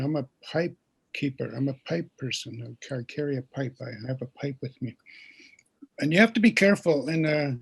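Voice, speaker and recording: A man speaking as a guest speaker, telling stories in a gentle teaching way and having listeners repeat words after him. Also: fairly high pitch, creaky, husky. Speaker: guest speaker and pipe keeper. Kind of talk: storytelling teaching talk.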